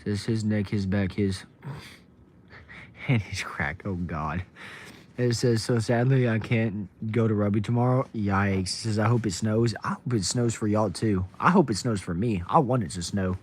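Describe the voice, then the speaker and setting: A man's voice: fairly low pitch, a little slow, a little mellow, slight background noise. A young man from Texas, casually chatting on a livestream, reading viewer comments aloud and greeting people by name. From Texas, USA. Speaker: livestream host.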